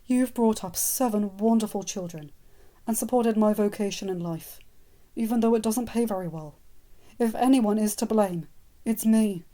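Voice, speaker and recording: Woman voicing a gentle wizard dad, earnest, strained, storybook. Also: mid-range voice, moderate pace, natural voice. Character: gentle, strained middle-aged wizard father.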